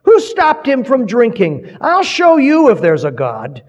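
A man's voice: high voice, a little slow, darkish tone, pitched above the performer's own voice. A man voicing a brawny, reformed miner who thunders threats at a heckler. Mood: thundering. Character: brawny reformed male miner, furious and blunt. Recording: dull recording with long hall reverb.

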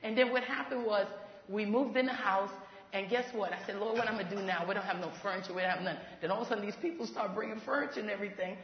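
Brisk woman ministry leader, animated testimony with laughs, heard in a big echoing hall. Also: medium pitch, a little hiss or hum. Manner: animated, laughs while talking, acts out quoted voices. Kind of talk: testimony storytelling. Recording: echoey hall, dull lo-fi sound.

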